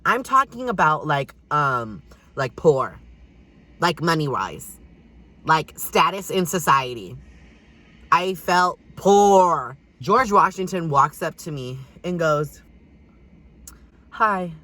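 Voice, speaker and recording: Animated, sassy young man telling a story. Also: slow. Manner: animated, sassy, dramatic delivery with big swings in pitch. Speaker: storyteller vlogger. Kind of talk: casual storytime.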